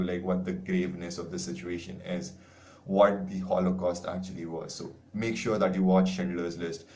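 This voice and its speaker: A man's voice: deep voice, darkish tone, poor audio. A man teaching an online class, talking earnestly in a rambling way with many "like" fillers. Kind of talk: online video lecture.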